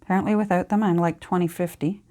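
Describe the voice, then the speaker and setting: This crafting vlogger, a middle-aged woman with a Canadian accent, talks fast in a fairly low, warm, steady voice. She rambles casually as she crafts, chiding herself and filling the gaps with many ums and sighs.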